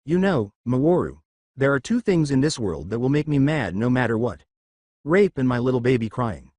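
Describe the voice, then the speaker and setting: A man's voice: mid-range voice, very animated, normal speed, darkish tone, no room sound. A man voicing an old, scarred male battle lizard with a put-on French-like accent, stern and menacing.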